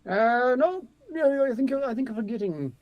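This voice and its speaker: A man's voice: very high voice, expressive, normal speed, a little mellow. A man co-hosting a comedy livestream, rambling in a dry, mock-grand manner. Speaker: co-host. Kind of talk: live comedy stream.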